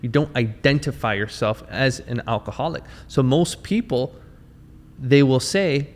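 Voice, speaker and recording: A man's voice: mid-range voice, measured pace, in a large hall. A man hosting an interview, enthusiastic and motivational, speaking straight to his listeners. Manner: enthusiastic, motivational, addresses the audience. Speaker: podcast host.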